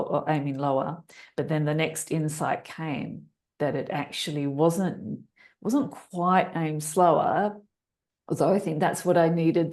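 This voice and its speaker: A woman in a casual conversation telling a personal story, acting out her own thoughts with sudden jumps in pitch and bursts of laughter. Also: vocal fry, a little mellow. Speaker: podcast guest, business author.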